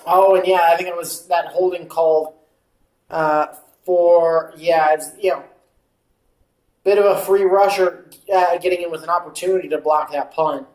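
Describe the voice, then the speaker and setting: A watchalong streamer calling the game play by play, stretching out calls and drifting into casual asides, on a mic that peaks on loud moments. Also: medium pitch, fairly even intonation, normal speed, roomy sound, low-quality recording. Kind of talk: amateur play-by-play commentary.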